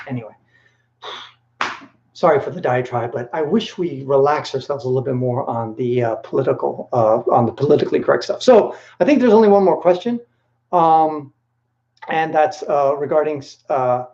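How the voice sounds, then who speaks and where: A man hosting a casual live-stream Q&A, rambling and animated, with lots of filler words. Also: on the high side. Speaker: host. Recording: echoey room, dull lo-fi sound.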